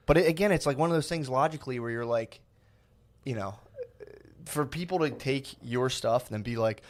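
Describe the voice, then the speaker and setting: In a relaxed podcast conversation, a male co-host meanders and jokes at his own expense, often breaking off and beginning his sentences again. He has a medium-pitched voice and a brisk pace.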